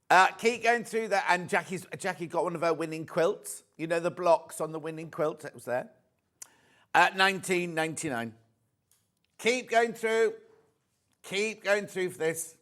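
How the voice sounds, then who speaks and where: A man's voice: on the high side, a bit bright. Chatty man selling on live TV. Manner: chatty, reads out viewer messages. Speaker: shopping channel presenter. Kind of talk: live sales presenting.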